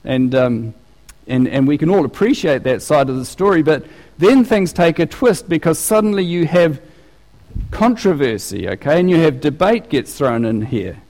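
A man preaching a sermon in an animated, conversational way, often restarting his sentences. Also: fairly high pitch, normal speed. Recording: long reverb of a large hall.

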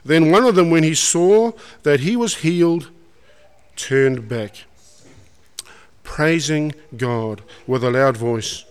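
A man preaches a sermon and retells the story with colloquial asides. His voice sits somewhat high for a man. The recording carries a long hall reverb. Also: takes it slowly, clean tone.

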